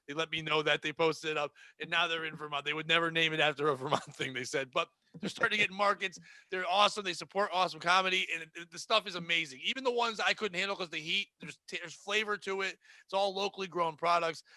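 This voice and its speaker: A man's voice: a little high, pushed and bright, no echo. Crude joking male podcast host. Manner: crude, joking, reads an ad loosely. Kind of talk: casual comedy podcast banter.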